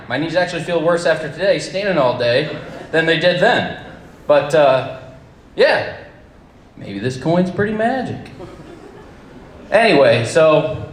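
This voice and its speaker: Man, live storyteller, wry deadpan humor, lively up-and-down pitch, roomy echo. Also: a little hiss or hum. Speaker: storyteller at a campfire event.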